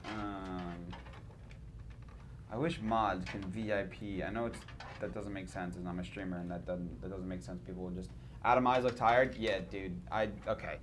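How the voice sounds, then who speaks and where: A man's voice: sits low, flat delivery, moderate pace, background noise. A man hosting a casual livestream, tired after little sleep and rambling with restarts. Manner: rambling, self-mocking, with many restarts. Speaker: stream host.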